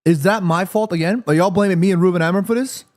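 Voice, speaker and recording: A man hosting a live watchalong stream in casual chat, excitable, reading viewer messages aloud and swearing freely. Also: high voice, fast talker.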